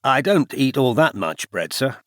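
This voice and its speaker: A man's voice: mid-range voice, sing-song, measured pace, no echo, studio quality, voice pushed up. A man reading the part of a cool male secret agent who answers clipped and politely defensive.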